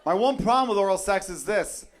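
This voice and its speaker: A man's voice: sits high, lively intonation, brisk, background noise. A male stand-up comedian from Chicago, brash and profane, riffing at a live club audience. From Chicago, USA. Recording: live club recording with loud crowd. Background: audience laughter.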